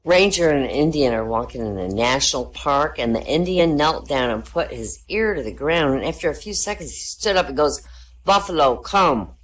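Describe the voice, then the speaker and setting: A woman telling jokes at an online comedy night in a deadpan storytelling manner, raising her pitch for the punchlines. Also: moderate pace. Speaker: joke teller. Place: online voice chat room.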